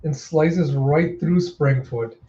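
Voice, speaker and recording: Mellow-voiced man narrating a manga. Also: on the high side, takes it slowly. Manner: plain narration with a few slips. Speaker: reader. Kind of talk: casual manga readthrough narration. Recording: echoey room, dull lo-fi sound.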